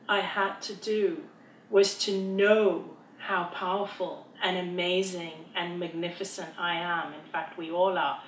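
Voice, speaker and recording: A woman, an author, answering an interview question in a slow, earnest, awed way. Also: medium pitch, a little hiss or hum. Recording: roomy echo.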